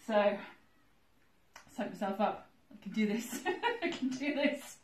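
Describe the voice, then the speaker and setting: A woman's voice: medium pitch, sing-song, slow pace, pauses often. A woman vlogging her workout, out of breath, laughing nervously as she counts her reps. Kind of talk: casual workout vlog. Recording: roomy echo, voice a little far from the mic.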